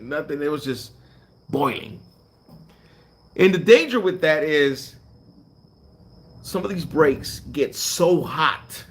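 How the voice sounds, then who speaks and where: Animated man telling a trucking story. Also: fairly high pitch. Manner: animated storytelling, acts out dialogue. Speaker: truck driver trainer and channel host. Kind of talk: casual live chat with viewers.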